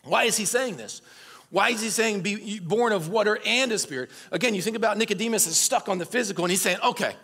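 A man preaching a conversational sermon, telling the story in a casual, lively way and speaking straight to the congregation. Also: sits high, fast talker, breathy edge, long reverb tail.

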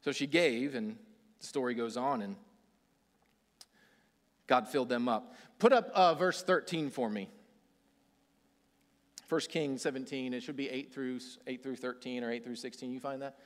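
A man's voice: medium pitch, moderate pace, pauses often. A man giving a casual, conversational sermon who acts out voices in the story. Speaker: preacher. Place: church hall. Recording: hall reverb.

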